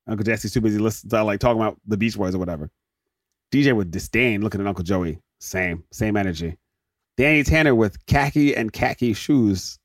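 A man hosting a podcast, recapping a sitcom episode in an animated, jokey way and slipping into quick mock voices for the characters. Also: lowish voice, no echo, studio quality. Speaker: podcast host.

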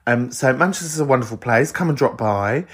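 Lively London podcast host. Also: male voice, medium pitch, brisk, breathy edge. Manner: animated, chatty, laughs often. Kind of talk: answering voicemails on a podcast.

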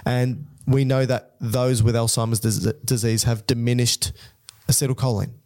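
A man's voice: mid-range voice, little pitch movement, normal speed, a little mellow, dry recording, clean studio sound. A man co-hosting an educational podcast, explaining physiology casually and teasing his co-host.

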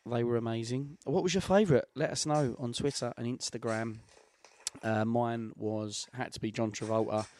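A man's voice: mid-range voice, steady tone, moderate pace, darkish tone. A man co-hosting a podcast, chatting casually and joking with his guest. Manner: jokey, banters and teases. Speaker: podcast co-host. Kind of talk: casual chat.

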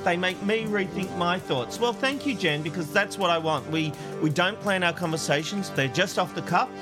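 A man's voice: high-pitched, animated, moderate pace, music in the background. A man co-hosting a casual chat show, reading listener comments aloud and joking and laughing often. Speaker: co-host reading listener feedback.

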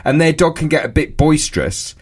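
A man co-hosting a podcast, telling a lively anecdote in casual chat and acting out what people said. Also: fairly high pitch, a little fast, slightly rough. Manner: animated anecdote teller, acts out quoted voices. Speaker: podcast co-host.

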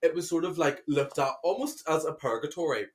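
A man's voice: a little high, a little fast, heavy background noise. A man co-hosting a casual chat podcast, talking in a playful, jokey, rambling way with many restarts. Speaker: podcast co-host.

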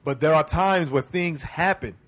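A man's voice: on the high side, moderate pace, fairly bright tone. A male podcast co-host in a casual faith discussion. He keeps checking in with "right?" and circles back over his own phrases while he works out a thought. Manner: keeps tagging "right?", repeats himself while thinking.

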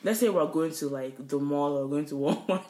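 A woman from Edmonton, Alberta, Canada, co-hosts a podcast with a deep, warm voice at a brisk pace, in a reverberant recording. She tells stories animatedly in casual chat, laughing and swearing frequently.

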